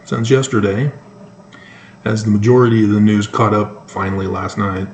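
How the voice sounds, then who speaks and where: A man giving solo news commentary on his own channel, talking in a halting way with sudden emphatic bursts. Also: lowish voice, flat delivery, darkish tone, reverberant, slight background noise. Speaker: YouTube commentator.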